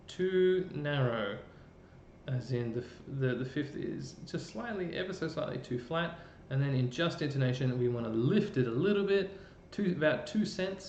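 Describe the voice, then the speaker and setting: With a slightly mellow voice, an Australian music presenter talks through music theory on a live stream, loose and chatty with plenty of ums and restarts. The recording is roomy and a bit muffled, a faint rumble underneath.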